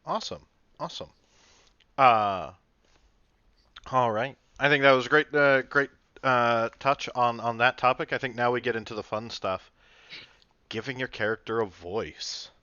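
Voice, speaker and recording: A man's voice: mid-range voice, unhurried, pauses often, sharp tone, clean tone, no echo. A man hosting a casual panel discussion about tabletop role-playing, rambling with many fillers and restarts. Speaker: podcast host and dungeon master. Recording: dull dry lo-fi sound.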